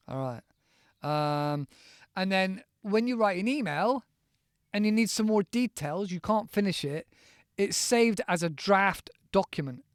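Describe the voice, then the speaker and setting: A man from the United Kingdom, teaching in a chatty, playful podcast lesson and slowly spelling words out letter by letter. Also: high-pitched, no echo, studio quality.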